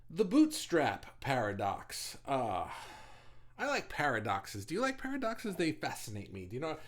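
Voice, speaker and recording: Fast, rambling male livestream host. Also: mid-range voice, wildly swooping pitch, a bit bright. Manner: rambling, chatty, with many restarts and swearing; talks fast. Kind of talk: casual livestream chat.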